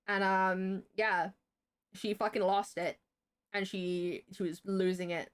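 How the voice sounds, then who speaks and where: A woman's voice: mid-range voice, flat delivery, takes it slowly, smooth. A young woman on a livestream, telling a story in casual chat, chatty and swearing freely. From Britain.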